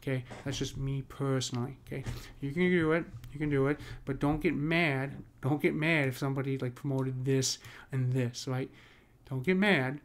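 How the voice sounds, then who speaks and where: Here the man's voice sits at medium pitch with fairly even intonation and a moderate pace. A poetry teacher, he explains meter in a loose, wandering way, frequently restarting and tossing in "right?" to check understanding.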